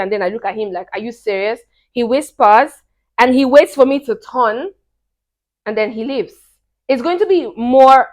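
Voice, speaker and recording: A young woman talks to her camera, handing out dating tips in an easy, casual way. Her voice sits at a middle pitch. She leans hard on her main points, saying them again and again, and often drops low before coming back loud. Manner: emphatic, repeats key points, swings between hushed and loud. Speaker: dating advice vlogger. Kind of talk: casual advice talk to camera.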